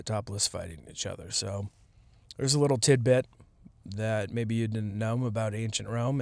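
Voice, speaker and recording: A man's voice: mid-range voice, dry recording. A man hosting a podcast, talking casually on his own in a rambling, jokey way that trails off and restarts. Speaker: podcast host. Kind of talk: casual solo commentary.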